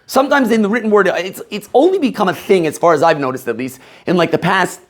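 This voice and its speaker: A man from Maryland, USA, teaching a class of rabbinical students in a lively, questioning way, laughing often. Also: high voice, fast talker.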